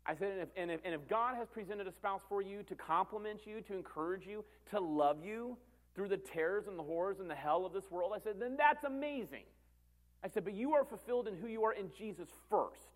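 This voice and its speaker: This pastor, a man in his thirties, delivers his sermon with sincere intensity in a high, animated voice at a slightly quick clip. He leans on repetition for emphasis and moves back and forth between booming and quiet.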